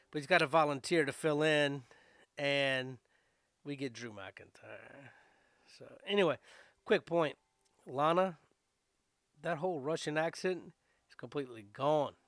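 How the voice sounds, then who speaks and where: A man's voice: a little high, a bit bright, no room sound. Chatty man with a dry close sound. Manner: chatty, loose, lots of fillers and asides. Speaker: podcast host. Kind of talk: casual wrestling recap.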